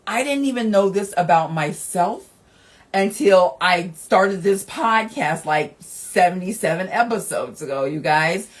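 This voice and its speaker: Slow-talking encouraging woman podcast host. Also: on the low side, animated. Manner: encouraging, speaks straight to listeners; emotional, laughing through tears. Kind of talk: motivational podcast monologue.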